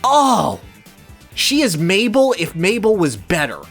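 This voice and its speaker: A podcast co-host in casual chat, gushing about a cartoon with excited bursts and frequent laughter. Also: medium pitch, takes it slowly, vocal fry, slightly rough, soft background music.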